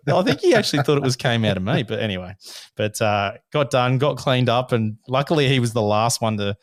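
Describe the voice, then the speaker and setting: Australian male host, thirties, hoarse, dry close sound, animated storyteller who laughs often. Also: mid-range voice, brisk, no room sound. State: hoarse from illness. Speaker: podcast host. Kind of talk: casual chat.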